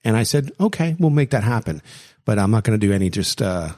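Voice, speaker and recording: A man's voice: on the low side, big pitch swings, quick pace, mellow, no echo, clean studio sound. A man, a chef and regular contributor, chatting enthusiastically about his cooking plans. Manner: gravelly, laughs easily, enthusiastic about food. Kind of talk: casual chat.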